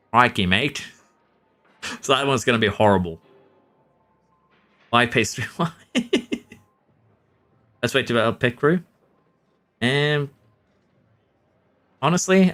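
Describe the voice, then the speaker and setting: A Norwegian man talks casually to his stream audience as he plays. His voice sits a little low but has a bright, forceful edge. He keeps an easygoing tone, reading out chat and chuckling often. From Norway. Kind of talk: casual live-stream chat while playing.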